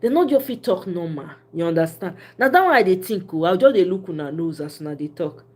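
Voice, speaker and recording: A woman with a Nigerian accent giving casual political commentary, mixing Pidgin English with animated, often laughing delivery. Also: fairly low pitch, a little fast.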